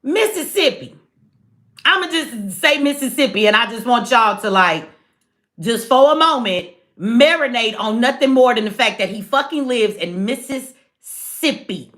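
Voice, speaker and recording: A woman's voice: a little high, expressive, a little slow, a bit bright. A woman hosting a casual livestream, blunt, sarcastic and profane, talking straight to her chat. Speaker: livestream host.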